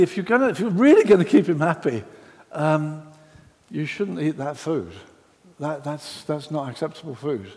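A man voicing a friendly but insistent male religious teacher who coaxes his listeners into keeping extra rules. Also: fairly high pitch. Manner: coaxing, falsely warm. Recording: reverberant hall.

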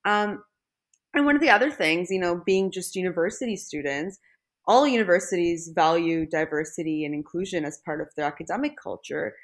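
A woman's voice: fairly low pitch, brisk. A young woman from India, a postgraduate student, asking interview questions and relating them to her own experience. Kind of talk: conversational interview.

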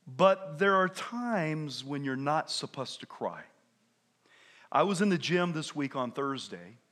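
A man in his fifties preaching a lively sermon as a pastor, telling stories and often shouting with laughter. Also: a little high. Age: 50s. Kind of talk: energetic sermon.

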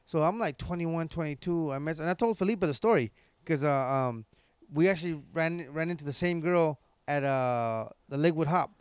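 A man's voice: on the high side, moderate pace, clear, resonant tone, dry recording. A man, a comedian telling rambling stories in casual chat. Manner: rambling, laid-back, lots of fillers. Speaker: stand-up comedian, podcast host.

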